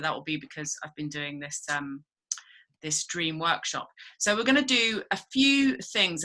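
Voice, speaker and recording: Woman workshop leader on a video call: relaxed, rambling delivery, crisp bright tone. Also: fairly low pitch. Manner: chatty, rambling, many fillers. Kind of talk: casual workshop talk.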